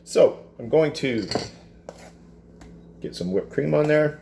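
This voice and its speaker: Relaxed man giving a cooking demonstration. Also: medium pitch, normal speed, vocal fry, long pauses, a little hiss or hum. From Canada. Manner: relaxed, chatty, self-deprecating asides. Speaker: culinary teacher. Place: school kitchen.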